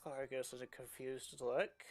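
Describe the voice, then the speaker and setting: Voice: mid-range voice, fairly even intonation, moderate pace. Player describing their character, mid voice, hesitant, faint music behind. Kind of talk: in-character role-play.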